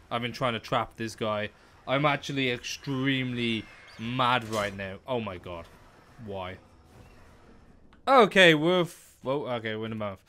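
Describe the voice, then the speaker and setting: Excitable young man narrating gameplay. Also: medium pitch, smooth. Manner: excitable, talks to the animals, exclaims often. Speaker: gaming YouTuber. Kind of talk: let's play commentary.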